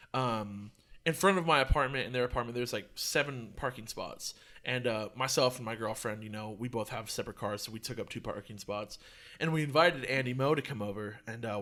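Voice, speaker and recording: A young man hosting a podcast, telling a story in a casual, profane, animated way. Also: mid-range voice. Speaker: podcast host.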